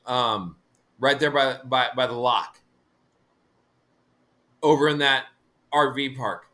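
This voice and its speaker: Halting, bright-voiced man chatting. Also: mid-range voice. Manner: rambling, halting, amused. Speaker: co-host, fishing charter guide. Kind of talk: casual live-stream chat.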